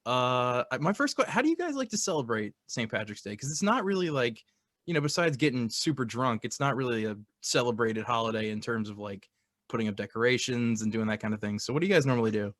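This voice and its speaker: A man's voice: medium pitch, expressive, fast, fairly bright tone, no echo, studio quality. A young man hosting a podcast in casual chat, jokey and self-mocking. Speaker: podcast host.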